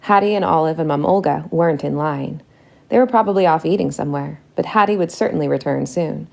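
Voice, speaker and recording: A woman narrating a first-person audiobook in a steady, intimate storytelling manner. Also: deep voice, brisk, vocal fry.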